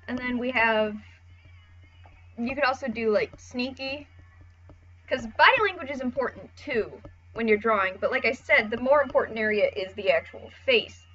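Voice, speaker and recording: Bright-voiced woman chatting while drawing. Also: fairly high pitch, normal speed, muffled recording, faint music behind. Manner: chatty, casual, swears, acts out voices. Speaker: art tutorial host. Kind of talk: casual drawing tutorial.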